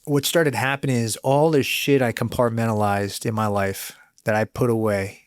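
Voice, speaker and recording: Brief: middle-aged male guest, animated storyteller, curses freely, dry close studio sound. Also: mid-range voice, normal speed, clean tone, no room sound. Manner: animated, swears freely, acts out quoted voices. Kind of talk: candid conversational storytelling.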